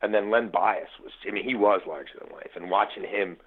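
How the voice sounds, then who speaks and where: A man's voice: lowish voice, fairly quick, breathy edge. A man in his forties from the Baltimore area, a podcast guest telling sports memories in casual talk, full of fillers and restarts. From Baltimore area, USA. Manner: animated storyteller, frequent fillers and restarts. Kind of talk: casual conversation. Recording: tinny phone-line audio.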